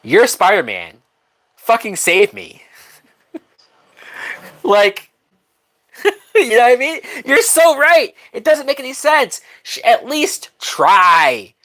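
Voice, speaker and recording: A woman's voice: high voice, big pitch swings, slow pace, long pauses, a bit bright. A woman hosting a live movie watch-along, talking bluntly with frequent swearing and laughter. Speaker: movie reaction host.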